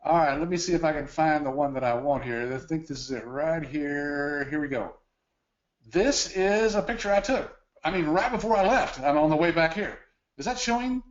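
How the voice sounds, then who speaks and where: A man's voice: on the high side, animated, moderate pace. A man co-hosting a webinar from his home office, talking casually with many fillers, somewhat out of breath. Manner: chatty, filler-heavy. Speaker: webinar co-host. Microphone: video call. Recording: dull lo-fi video call audio.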